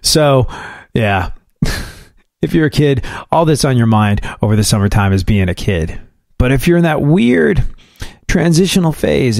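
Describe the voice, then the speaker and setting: A man's voice: medium pitch, a little mellow, no echo, clean studio sound. A man hosting a solo podcast, talking in a chatty, wry way with asides and jokes. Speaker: podcast host.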